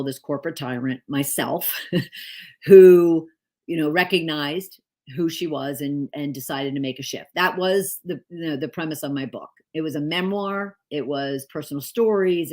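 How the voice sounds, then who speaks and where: Middle-aged woman, low register; candid storyteller, loose and unscripted. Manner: candid, storytelling with frequent fillers and self-corrections. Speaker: leadership coach and author. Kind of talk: casual storytelling monologue.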